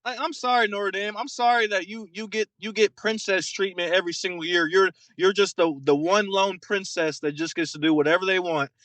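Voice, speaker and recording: A young man talks through a casual football podcast rant in a bright, rather high voice. He is dry and close to the mic, and he keeps circling back with fillers and repeated words. His tone is mocking and exasperated. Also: fairly even intonation, a little fast, few pauses, no room sound. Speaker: podcast co-host.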